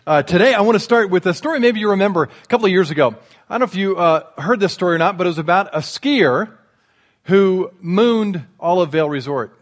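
High-pitched male preacher, self-deprecating humor, church sermon. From Indiana. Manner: joking, self-deprecating storyteller. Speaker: guest preacher. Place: church sanctuary.

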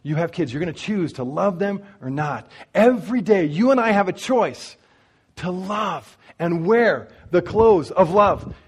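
Guy preaching a sermon, husky and kinda high, animated storytelling. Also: unhurried. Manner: animated storyteller speaking straight to the congregation. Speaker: pastor.

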